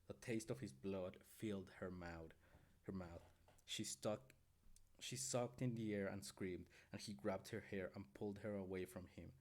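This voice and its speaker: Low-voiced man reading a novel aloud. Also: steady tone, measured pace, a little mellow. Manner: stumbles and corrects himself mid-sentence.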